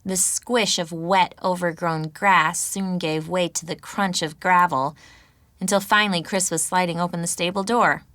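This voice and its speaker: A woman narrating an audiobook in a measured, even storytelling manner. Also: lowish voice, no echo.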